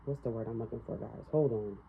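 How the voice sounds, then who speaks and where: A woman's voice: fast, a little hiss or hum. A woman giving a casual tarot reading, blunt and profane, ranting and laughing as she talks. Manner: animated, swinging up and down in pitch. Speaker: tarot reader. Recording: slightly dull, lo-fi sound.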